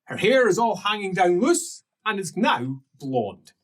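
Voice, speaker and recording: Slow, husky tabletop game master. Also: mid-range voice, very animated, distant mic. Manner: unhurried scene-setting narration. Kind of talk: narrating an improvised tabletop game.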